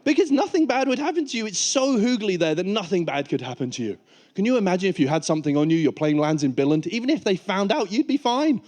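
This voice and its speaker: A British man performs stand-up comedy on stage, his voice sitting high and bright. He is animated, tips into squeaky mock panic as he acts out scenes, then drops back to a plain telling tone. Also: fast. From United Kingdom. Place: comedy stage before a live audience.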